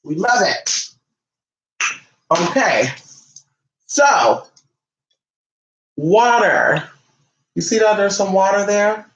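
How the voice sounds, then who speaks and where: A man's voice: high voice, lively intonation, extremely slow, pauses often, fairly bright tone, slight background noise. A man hosting a live-stream ritual tutorial, flamboyant and sassy, calling everyone honey and chatting back to his viewers. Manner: chatty, answers viewer comments. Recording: echoey room.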